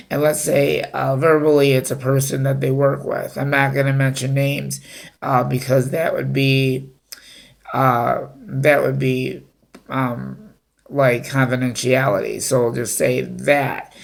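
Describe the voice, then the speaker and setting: A man talking off the cuff to his viewers, giving advice in a halting way with many fillers and restarts. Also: medium pitch, level tone, gravelly. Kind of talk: unscripted talk to camera.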